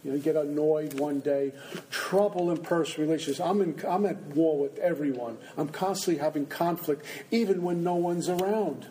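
A man speaking to an audience at a recovery meeting, his voice sitting a bit high yet soft and mellow in tone. He tells stories with a wry, self-mocking humor and keeps slipping into the voices in his own head. A faint hiss sits under the talk. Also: normal speed, rough recording. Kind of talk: storytelling talk to a live audience. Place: indoor meeting room with an audience.

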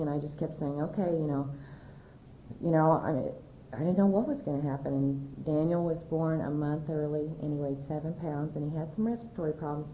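Speaking to an audience, a middle-aged woman from California recounts her recovery in a rambling, chatty way, often restarting and using fillers. The sound is echoey and muffled, like a lo-fi hall recording, with a faint rumble underneath.

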